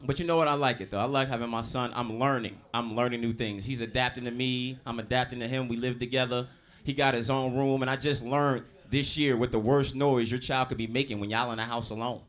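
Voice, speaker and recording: A male stand-up comedian, working a live crowd loudly and acting out the people in his stories. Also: medium pitch, fairly even intonation, fairly quick. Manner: loud, crowd-working, acts out characters. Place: comedy stage before a live audience.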